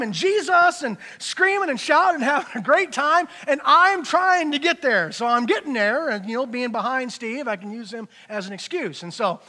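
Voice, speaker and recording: A middle-aged man giving a personal testimony in church, telling his story in an animated way and often repeating words. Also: very high voice.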